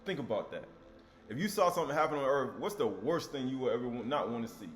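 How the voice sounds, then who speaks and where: A man's voice: mid-range voice, lively intonation, fast talker, soft background music. Man teaching scripture with emphatic repetition. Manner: emphatic, repeats key words, asks rhetorical questions.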